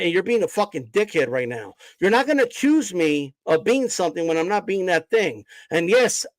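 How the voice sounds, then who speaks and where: During a heated live stream, a high-voiced boxing streamer swears at his chat and confronts it mockingly and combatively. The recording has no room sound and is of low quality.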